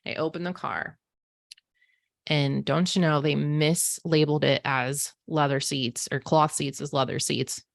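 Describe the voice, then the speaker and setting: Her deep voice stays fairly even and unhurried, with some vocal fry. The woman, in her forties, is a podcast host and psychic medium telling a personal story in a chatty way thick with "like" and "um." The recording is studio quality with no echo.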